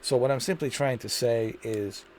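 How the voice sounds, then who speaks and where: A man's voice: mid-range voice, normal speed, a little hiss or hum. A man hosting a commentary video, ranting in an indignant, repetitive way and hammering the same points. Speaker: commentary channel host.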